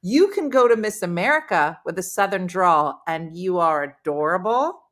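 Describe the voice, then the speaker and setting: Bright-voiced chatty New Jersey woman. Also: fairly low pitch, animated, normal speed. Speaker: comedian and show host. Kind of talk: casual chat and guest introduction.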